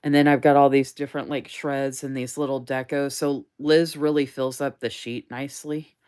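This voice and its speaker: Lady doing a live stream, gushy and excited, keeps saying oh my gosh, reads out comments. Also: a bass voice, normal speed, smooth. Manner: gushing, enthusiastic, says "oh my gosh" often; reads viewer comments aloud. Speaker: host of a live sticker showcase. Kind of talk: casual live-stream chat.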